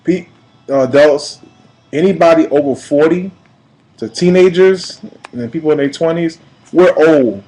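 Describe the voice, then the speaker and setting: A man's voice: fairly high pitch, unhurried, pauses often, poor audio. Impassioned man in his late thirties. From New York. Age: 30s. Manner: preachy and emphatic, swings from quiet to loud. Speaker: vlogger. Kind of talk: impassioned personal video message.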